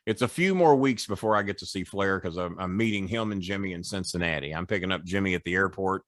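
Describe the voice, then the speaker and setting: A man's voice: deep voice, fast, dry recording. Profane old storyteller man, dry close sound. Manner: animated storyteller, profane, doing voices. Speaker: guest, former wrestling manager. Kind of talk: podcast storytelling.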